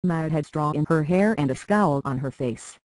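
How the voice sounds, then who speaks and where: Fantasy audiobook narrator, steady storytelling, mid pitch, dry close mic. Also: moderate pace, no room sound, poor audio. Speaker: reader.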